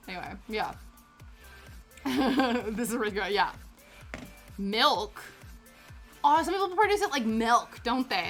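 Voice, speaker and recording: A woman's voice: fairly high pitch, animated, takes it slowly, long pauses, a bit bright. A young Canadian woman with a Canadian accent, chatting casually and giggling as she rambles on a crafting livestream. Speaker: streamer. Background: background music.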